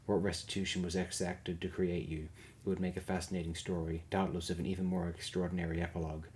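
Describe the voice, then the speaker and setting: A man's voice: low-pitched, level tone, fast talker, a little mellow, a little hiss or hum, natural voice. A man reading the part of a captive male warrior in an audiobook, terse and defiant. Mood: placid.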